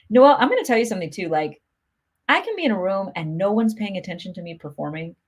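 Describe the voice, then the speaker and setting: A music promotion host answers live comments on a casual livestream, chatting upbeat and peppering her talk with "like" and "you know." Her voice is medium in pitch, sing-song and slightly rough, and she talks quickly.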